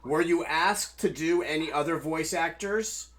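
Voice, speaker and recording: A man with a somewhat raised pitch hosts a casual livestream interview. He reads questions from viewers aloud and rephrases them as he goes. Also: a little slow, fairly bright tone. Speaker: livestream host.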